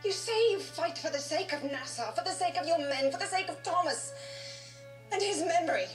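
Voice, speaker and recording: An actress playing a poised aristocratic woman in a TV drama, speaking in a measured, earnest way that drops low and intense. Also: lively intonation. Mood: persuasive. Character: poised aristocratic woman confronting an old love. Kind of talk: TV drama dialogue. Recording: roomy clip with music underneath.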